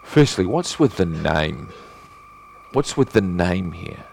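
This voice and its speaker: Lowish-voiced man preaching with rising emphasis. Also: sing-song, takes it slowly, creaky, a little mellow, slight background noise, low-quality recording. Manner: rhetorical questions, repeats key phrases for emphasis; rises in pitch and volume when stressing points. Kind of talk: expository sermon.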